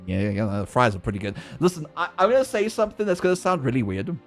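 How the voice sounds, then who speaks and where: Animated South African man ranting and laughing. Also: a little high, quick pace, soft background music. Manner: animated, profane, laughing rants. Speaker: streamer. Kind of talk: casual livestream chat.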